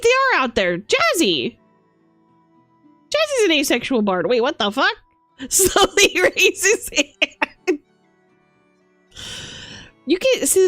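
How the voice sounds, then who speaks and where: A woman's voice: fairly high pitch, no room sound. A woman live-streaming in a bard persona, chatting playfully and teasing her viewers. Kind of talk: casual live-stream chat.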